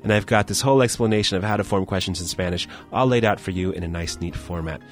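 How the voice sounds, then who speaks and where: Low-voiced man explaining grammar. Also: fast, soft background music. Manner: explanatory, playful teasing. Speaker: language podcast co-host. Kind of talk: scripted language lesson banter.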